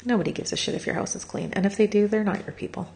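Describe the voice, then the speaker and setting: A middle-aged woman vlogger rattles off a personal story rapid-fire, her mid-range voice gravelly yet a little mellow, with fairly even intonation. Candid and freely swearing in this raw confession, she's worn out from crying, laughs through her pain, and sometimes sinks to a whisper.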